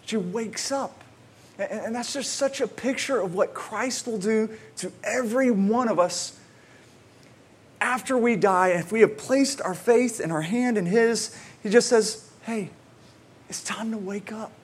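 A man preaching a conversational sermon, repeating words as he starts sentences and moving between excited emphasis and quiet, slow reflection. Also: sits high, slightly rough. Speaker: pastor.

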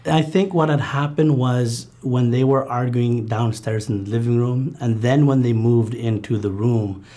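Earnest man with a dark, husky voice. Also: mid-range voice, steady tone. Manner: earnest, halting storytelling with many fillers and restarts. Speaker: interview guest recounting a childhood memory. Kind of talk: personal testimony interview.

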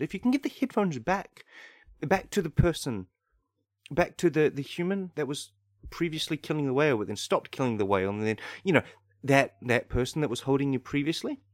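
A man's voice: medium pitch, dry recording, clean studio sound, lightly acted. A man voicing a chatty sentient teddy bear who rambles and coaxes his listener politely, often asking "right?". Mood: coaxing.

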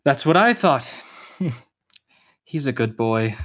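A young actor playing a tired, gentle uncle in a radio drama, patient but quick to flare. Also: male voice, mid-range voice, expressive. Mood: relaxed. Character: uncle Gio, weary, tender, short-tempered.

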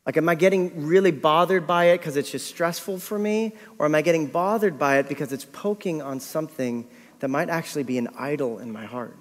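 Middle-aged male pastor, lively storyteller with a slightly high voice, preaching in a reverberant hall. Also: fairly quick. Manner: animated storytelling, acting out his own thoughts. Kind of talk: storytelling sermon.

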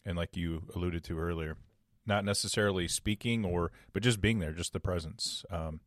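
Male podcast co-host, deep voice, thoughtful, affirming, hesitant fillers, dry sound. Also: moderate pace, dry recording. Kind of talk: podcast conversation.

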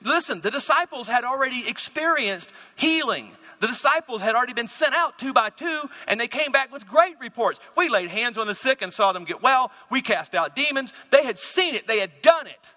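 A man's voice: very high voice, normal speed, hardly any pauses. A man preaching a sermon, asking his listeners questions and acting out panicked cries for help in between. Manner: animated preacher, acts out panicked cries and asks the audience questions. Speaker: pastor. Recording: long reverb of a large hall.

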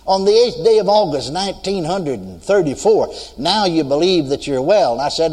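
A man's voice: high voice, expressive, moderate pace, darkish tone. An older man from the United States preaching a sermon, telling a story and asking the congregation if they are listening. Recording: long hall reverb.

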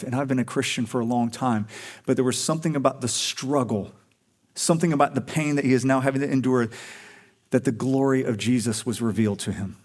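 A man's voice: medium pitch, a little fast, a little mellow. A male pastor preaching a sermon to a congregation in a conversational, earnest way, pushing up for emphasis on key points.

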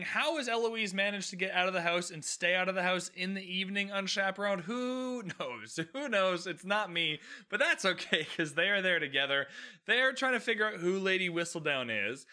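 A man's voice: sits high, fairly quick, sharp tone. A man giving a casual, sarcastic recap of a TV episode, chatty and often acting out the characters' lines. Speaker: show recapper.

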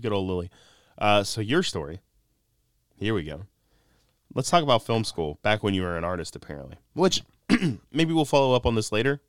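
A man's voice: lowish voice, very animated, normal speed, dry recording. A young man from the North Carolina mountains hosting a podcast, joking and telling stories in a casual chat into a studio mic. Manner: playful, joking, storytelling with quoted voices. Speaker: podcast host.

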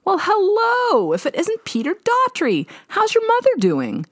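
A woman voicing an excitable middle-aged mother with a high, nasal twang and a gushing, sing-song manner. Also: measured pace, no room sound, studio quality, heavily acted. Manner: sing-song and gushing, turns to frantic shrieks.

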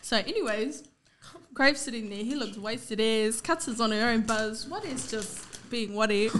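A woman's voice: a little high, very animated, slow, fairly bright tone, a little hiss or hum. Giggly young Kiwi woman telling a story. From New Zealand. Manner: giggly, laughs often mid-story. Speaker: podcast co-host. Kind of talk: casual storytelling chat.

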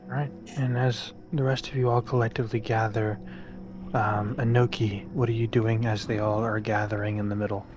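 A man running a tabletop game as game master, with slow, measured narration. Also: on the low side, little pitch movement, muffled recording, over music. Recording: noisy recording.

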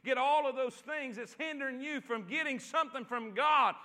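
High bright-voiced preacher. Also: male voice, moderate pace, few pauses. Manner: repetitive, call-and-response preaching that builds to shouts. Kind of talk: sermon. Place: church.

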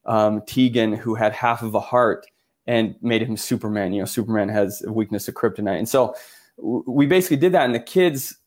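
A man's voice: lowish voice, brisk, darkish tone. A man from Utah, a photographer guest in an interview, telling his story earnestly with many restarts and filler words.

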